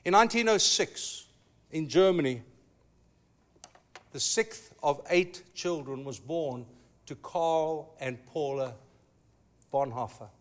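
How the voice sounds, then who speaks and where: A pastor preaching a sermon, telling a story with emphatic, slow dramatic pauses. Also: male voice, fairly high pitch.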